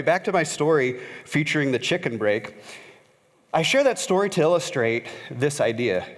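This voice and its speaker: Male pastor, conversational storytelling sermon, lots of "uh" fillers, long church-hall reverb. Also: mid-range voice. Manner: conversational, frequent "uh" fillers, grows animated when retelling a story. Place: church sanctuary.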